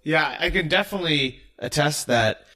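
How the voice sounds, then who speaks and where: A man's voice: on the high side, lively intonation, normal speed, bright, forceful tone, no echo, clean studio sound, far from the mic. A man hosting a podcast interview, asking curious questions in a casual, filler-heavy way. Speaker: podcast host.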